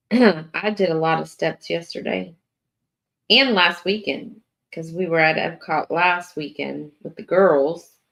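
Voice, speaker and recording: A woman's voice: fairly low pitch, vocal fry, a bit bright. A tired woman, chatting casually with viewers as host of her morning livestream. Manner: chatty, drawn-out, lots of fillers and yawning. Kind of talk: casual live chat with viewers.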